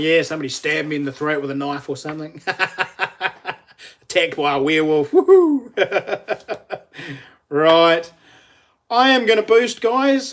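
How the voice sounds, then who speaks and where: A middle-aged man with a New Zealand accent chats casually on a live stream, laughing often and reading viewer messages aloud. His voice is a little high and a bit bright.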